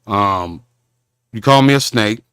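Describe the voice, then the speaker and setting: A man from Southern hosting a confrontational livestream rant, rambling and halting, with preacher-like condemnations. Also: on the low side, a bit bright, smooth, dry recording, studio quality. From Southern Oklahoma. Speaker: show host.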